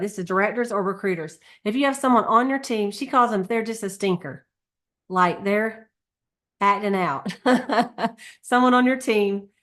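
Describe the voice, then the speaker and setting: Chatty woman giving pep talk. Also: medium pitch. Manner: chatty, animated, with frequent laughs and folksy Southern phrasing. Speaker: Mary Kay sales director recapping a conference. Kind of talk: casual motivational talk.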